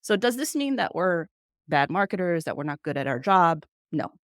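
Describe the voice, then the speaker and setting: Low-voiced woman telling a candid story. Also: big pitch swings, moderate pace, no room sound, clean studio sound. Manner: candid, storytelling, casually blunt. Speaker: marketing agency founder and podcast host. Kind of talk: presentation to marketers.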